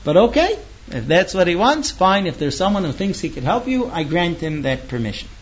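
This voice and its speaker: Skeptical king, grudging, a shade lower from a male storyteller, lo-fi recording. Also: big pitch swings, brisk, slight background noise. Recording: dull lo-fi recording.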